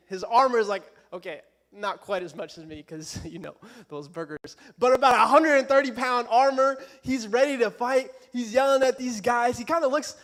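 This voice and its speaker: A young man with a notably high voice delivers a relaxed youth sermon in a church. He keeps it light, casual and self-deprecating, with plenty of jokes. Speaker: preacher.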